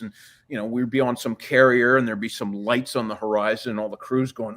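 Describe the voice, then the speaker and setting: A man's voice: medium pitch, fairly even intonation, fast talker, fairly bright tone. A man in his fifties, a guest in an interview, telling long rambling stories with plenty of swearing and acted-out quoted dialogue. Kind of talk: casual storytelling interview.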